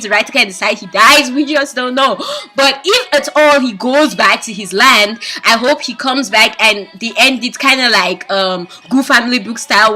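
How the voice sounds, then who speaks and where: A high, bright-voiced woman chats through her drama review in a casual video. She gushes with excitement and acts out her own reactions as little quoted asides. Her tone stays crisp and forward. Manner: gushing, excitable, gasps and laughs often.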